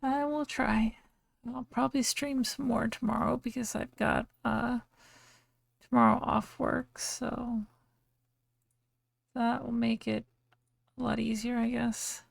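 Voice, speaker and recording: A drowsy woman game streamer talks casually to her chat, rambling and trailing off between yawns. Her fairly high voice is thick with gravelly fry and a husky edge. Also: flat delivery, slow, pauses often, dry recording. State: sleepy, yawning.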